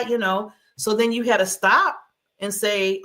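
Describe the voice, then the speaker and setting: A woman's voice: a little high, moderate pace, pushed and bright. A woman hosting an interview show, responding with encouraging affirmations and recapping her guest's points. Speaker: host.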